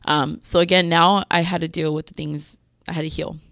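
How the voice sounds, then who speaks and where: Candid woman with a gravelly, dry voice. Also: sits low, little pitch movement, a bit bright, no echo. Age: adult mother with several children. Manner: candid, frequent "um" pauses, acts out her past self. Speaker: guest telling her life story. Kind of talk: personal testimony in a podcast interview.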